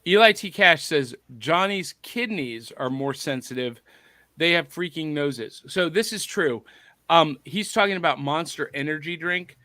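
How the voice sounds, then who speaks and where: A man's voice: on the high side, bright, forceful tone, no room sound. A man hosting a podcast, reading out viewer comments in a playful, jokey, casual chat. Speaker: podcast host.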